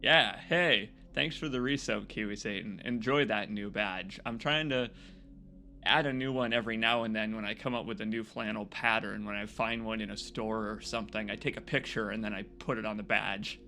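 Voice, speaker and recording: Excitable male game streamer chatting. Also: on the low side, a little fast, vocal fry. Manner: excitable, rambling, jokey. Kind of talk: casual live-stream chat.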